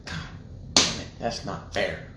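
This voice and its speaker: A young man co-hosting a casual podcast, making crude jokes and swearing freely. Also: measured pace. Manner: crude, joking, swears a lot. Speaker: podcast co-host. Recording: echoey room, faint ambient noise.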